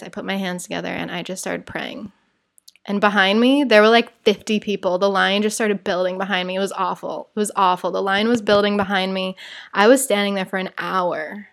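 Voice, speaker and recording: A woman telling a travel story in a chatty, rambling way, acting out the quotes. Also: mid-range voice. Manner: chatty, digressive, acts out quotes. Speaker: vlogger. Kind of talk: casual storytime.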